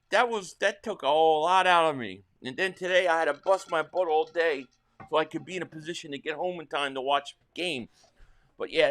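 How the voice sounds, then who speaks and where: A man hosting a live sports reaction stream, calling plays excitedly and answering chat, his voice a little worn. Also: fairly high pitch. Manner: excitable play-by-play calling, reading viewer chat. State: slightly losing his voice.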